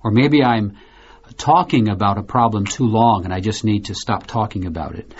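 A man hosting a slow, clearly spoken discussion for learners, explaining things patiently. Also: on the low side, slight background noise. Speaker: host. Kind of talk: scripted learner podcast discussion. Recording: dull lo-fi recording.

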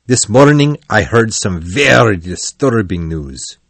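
A man voicing a serious, commanding male badger who speaks loudly and firmly in a storybook reading. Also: fairly low pitch, lively intonation, slow, husky, dry recording, full character voice. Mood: stern. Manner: loud, firm and solemn.

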